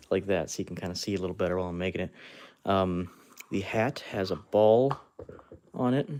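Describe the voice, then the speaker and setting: A man's voice: low voice, moderate pace, a little mellow. Easygoing man chatting while he sculpts. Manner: chatty, laughs often, narrates while working with his hands; talks to fans and reads out chat. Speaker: live-stream host sculpting with clay. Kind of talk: casual live-stream commentary.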